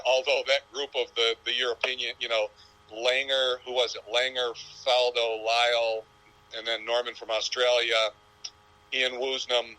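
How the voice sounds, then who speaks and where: A man's voice: mid-range voice, pushed and bright, low-quality recording. A man in his sixties, a golfer guest in an interview, talking in a rambling, reflective storytelling way. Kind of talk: casual interview chat.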